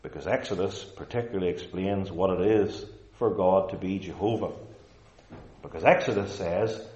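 Man preaching a sermon, slow and emphatic, echoey church, kinda muffled audio. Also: sits low, a little mellow. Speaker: pastor.

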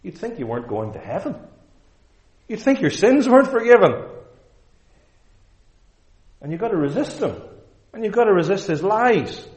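A man's voice: sits high, big pitch swings, moderate pace, long pauses, darkish tone. Guy preaching in a church, stresses every point, sounds roomy. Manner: emphatic, with rhetorical questions. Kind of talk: sermon. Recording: echoey room.

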